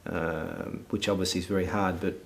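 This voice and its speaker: A man asking an interview question in a measured, hesitant way. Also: sits low, fairly even intonation, slight background noise.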